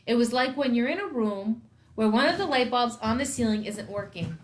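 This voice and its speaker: A woman, a school principal, reading a children's novel aloud with expressive first-person storytelling. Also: fairly high pitch, moderate pace.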